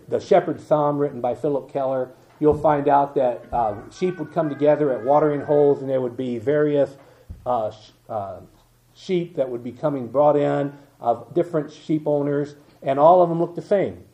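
An older man preaching an evening sermon, reading scripture slowly with emphasis and dropping into quiet asides. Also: medium pitch. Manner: reads King James verses slowly and with emphasis, asides in a dropped voice. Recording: dull lo-fi church recording.

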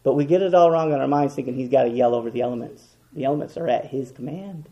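A man preaching a sermon with passion, swinging between loud, emphatic repetition and hushed, quiet lines. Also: mid-range voice, quick pace, lo-fi sound.

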